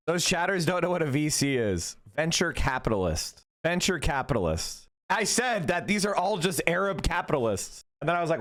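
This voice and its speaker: A man's voice: on the high side, sing-song, fairly quick, a bit bright. Profane ranting male streamer. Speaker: livestreamer. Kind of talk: casual chat to stream viewers.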